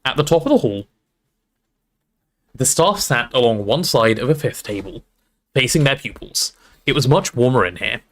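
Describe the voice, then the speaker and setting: Man reading a storybook aloud, expressive. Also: medium pitch, normal speed, pauses often. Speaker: streamer reading aloud to chat.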